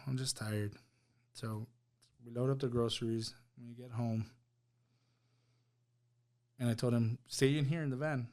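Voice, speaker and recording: On a podcast, a male guest with a medium-pitched, somewhat dark voice gives a personal testimony about a loss. He tells it with emotion and acts out what each person said.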